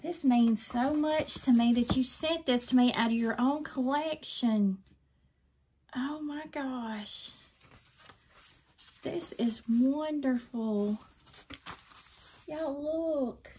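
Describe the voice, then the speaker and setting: A woman's voice: a little high, measured pace, few pauses, mellow, slight background noise. An older woman, chatting effusively to her viewers while opening mail in a casual vlog. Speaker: craft vlogger.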